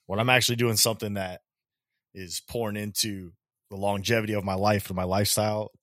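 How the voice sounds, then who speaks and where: A man's voice: on the low side, little pitch movement, brisk, a bit bright, dry recording, clean studio sound. A man in his thirties co-hosting a casual podcast chat in a laid-back way. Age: 30s. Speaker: podcast co-host.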